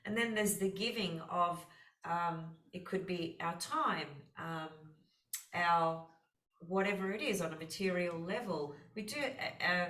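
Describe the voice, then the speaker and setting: A woman's voice: fairly low pitch, unhurried, a bit bright, reverberant, recorded from a distance, poor audio. A woman astrologer hosting a casual conversation, telling heartfelt stories with lots of fillers. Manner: earnest, heartfelt storytelling with many fillers. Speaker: astrologer host.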